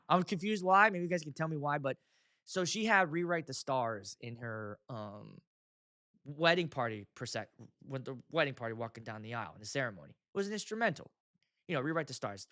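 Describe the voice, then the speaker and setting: A man hosts his own show and tells stories from wedding gigs in a loose, animated way, laughing often and acting out the crowd. His voice sits a little high and sounds bright. The recording is close and dry. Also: no echo. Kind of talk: casual storytelling chat.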